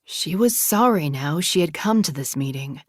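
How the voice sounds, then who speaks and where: A woman narrating a suspense audiobook in a hushed, tense read. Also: low-pitched, animated, normal speed, husky, no room sound, studio quality. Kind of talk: scripted narration.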